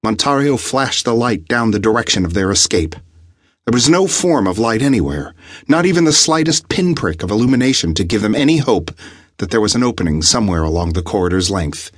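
A man narrates an audiobook in a measured, suspenseful manner. His voice is very low and husky. The recording is close and dry. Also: sing-song, no echo. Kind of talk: scripted narration.

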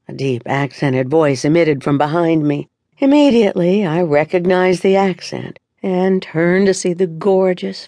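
A woman's voice: lowish voice, normal speed, creaky, warm tone, no echo. A woman narrating a first-person romance audiobook in an intimate, confiding way on a close studio mic.

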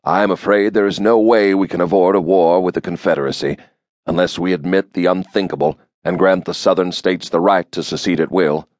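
A narrator puts on an older president whose voice is flat and nasal, with a rustic lilt. He speaks in dry, folksy understatements. The recording is dry and close. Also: sits low, fairly quick, no echo, natural voice. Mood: grave. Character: weary older male president, plainspoken. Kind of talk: audiobook character voice.

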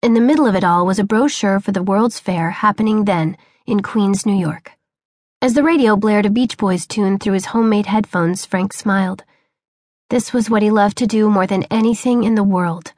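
A woman's voice: mid-range voice, moderate pace, a little mellow, dry recording, studio quality. Woman narrating a children's audiobook.

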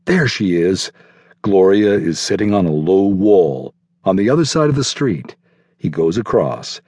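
A man narrating a literary novel in a measured, unhurried reading. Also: low voice, lively intonation, darkish tone, no room sound. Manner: measured literary reading, voicing characters lightly. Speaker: audiobook narrator. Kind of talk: scripted narration.

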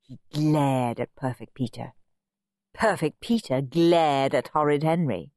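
A woman reading a children's storybook aloud, expressive and playful. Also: low voice, measured pace, dry recording, clean studio sound. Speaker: audiobook narrator. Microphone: close studio mic.

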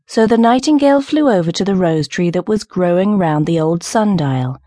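A woman narrating an audiobook fairy tale in a calm, measured way. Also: lowish voice, no echo, clean studio sound. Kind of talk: scripted storybook narration.

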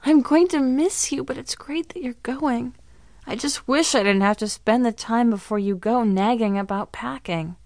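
A woman's voice: on the high side, animated, measured pace, hardly any pauses, clean tone, no room sound, studio quality, pitched above the performer's own voice. A woman voicing a loving, weary mother who nags fondly and with mock drama, in an audiobook. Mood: fond nagging.

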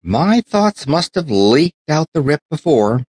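Raggedy Ann the gentle rag-doll girl, put on by a male storyteller, lifted well above his own low voice, bouncing through her lines. It has the dry, close sound of an audiobook booth. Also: very animated, slow pace, husky, no room sound, full character voice. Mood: earnest. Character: cheerful female rag doll leader, gentle and earnest.

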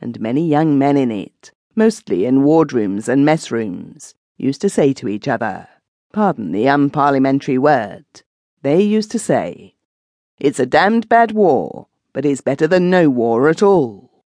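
A woman voicing a thoughtful man who tells a grim tale in a measured, sober way. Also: very deep voice, very animated, warm tone, dry recording, exaggerated voice. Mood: musing.

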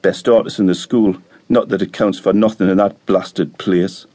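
A brooding, broad-shouldered teenage boy, bitter and sly, speaking in a low, coaxing drawl, as a man reads him aloud. The voice sits somewhat deep, in storybook style. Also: fairly even intonation, normal speed, warm tone.

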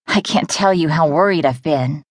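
A woman's voice: deep voice, moderate pace, dry recording, studio quality, voice pushed down. A woman narrator voicing a young woman, a blunt, patronizing best friend, in an audiobook. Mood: condescending. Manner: dismissive, patronizing. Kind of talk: audiobook character voice.

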